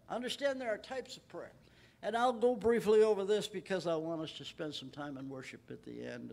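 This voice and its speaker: A man preaching at a Bible study in a church, emphatic and rising in pitch when he quotes scripture. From Texas. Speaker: pastor.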